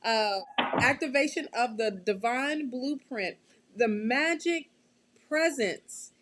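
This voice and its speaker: High-voiced, slow-talking woman tarot reader. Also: a bit bright. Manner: chatty, laughing, keeps checking in with "okay?". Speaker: tarot reader and show host. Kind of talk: live tarot reading stream.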